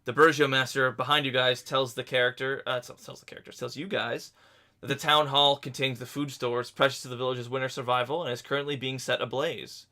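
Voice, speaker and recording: A man narrating a tabletop game as game master, telling the scene in a halting, descriptive way. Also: medium pitch, little pitch movement, bright, forceful tone.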